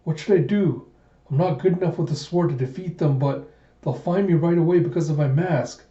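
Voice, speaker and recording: A man reading a fearful, troubled young male dragon boy from a manga, quiet and slightly higher. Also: fairly quick, reverberant, muffled recording, close to an everyday voice. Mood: anxious.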